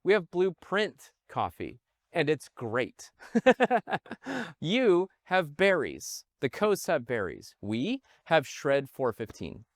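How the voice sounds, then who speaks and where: An animated man pitches to investors, his pitch rising and falling in wide swings. The room sounds dry and close. He keeps tossing in "okay?" and talks to his audience as "guys.". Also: no room sound. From Midwest United States. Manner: animated, punctuates with "okay?", addresses viewers as "guys". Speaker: real estate investor pitching a fund. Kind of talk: presentation to investors.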